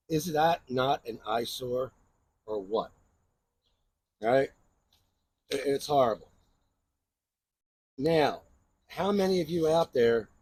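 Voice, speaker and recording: Male host, husky voice, casual rambling knife review. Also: mid-range voice, a little mellow. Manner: chatty, rambling, keeps asking "right?". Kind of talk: casual show-and-tell review.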